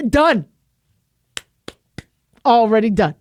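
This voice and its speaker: A woman's voice: a little high, expressive, unhurried, no room sound, clean studio sound. A middle-aged woman hosting a radio advice show, talking casually and playfully with many restarts. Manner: chatty, playful, frequent restarts.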